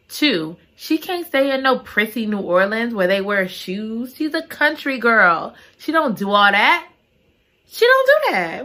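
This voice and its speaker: Woman, bright forceful voice, casual story recap, dramatic, slangy, exclamatory. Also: mid-range voice. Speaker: book recap vlogger.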